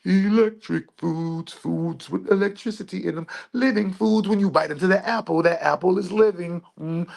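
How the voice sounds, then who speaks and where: With a mid-range voice, vocal fry, and a darkish tone, a spiritual video host rambles through a monologue. They ask questions and answer them themselves, using playful wordplay and sing-song repetition of phrases.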